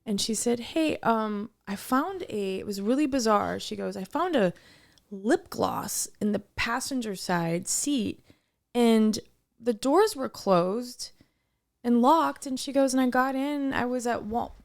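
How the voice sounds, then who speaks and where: A woman's voice: fairly high pitch, takes it slowly, vocal fry. A young adult woman co-hosting a podcast, telling a story in casual chat and acting out the quoted dialogue. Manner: animated storyteller who acts out quoted dialogue. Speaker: podcast co-host.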